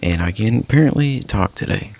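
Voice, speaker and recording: Male podcast host, low and gravelly, rambling casual chat, dry lo-fi recording. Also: a little fast. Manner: rambling, self-correcting, animated.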